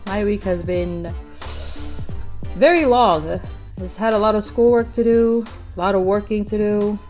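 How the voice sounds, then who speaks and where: A relaxed woman chats on a podcast, now and then hesitating or laughing softly. Her voice is mid-pitched, and faint music plays quietly in the background. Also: a little slow. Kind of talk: casual chat.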